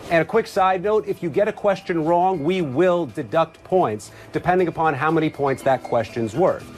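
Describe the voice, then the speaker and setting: A man hosting a trivia game show, explaining the rules in an upbeat, clear way. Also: fairly high pitch, moderate pace, faint music behind.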